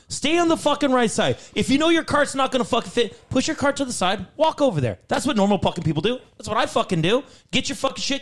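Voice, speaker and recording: High, lively man ranting. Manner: profane, heated ranting. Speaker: podcast co-host. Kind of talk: casual podcast rant.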